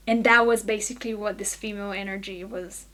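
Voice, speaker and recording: A woman guest on a podcast, telling a story in animated casual chat, often laughing and filling with "like". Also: mid-range voice, brisk.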